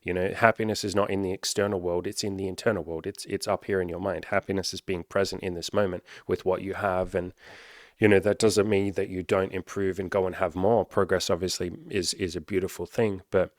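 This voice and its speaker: Rambling low-voiced coach. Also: male voice, level tone, a little fast, no echo, studio quality. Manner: rambling, earnest, swears casually. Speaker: self-help coach. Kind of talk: casual monologue to camera.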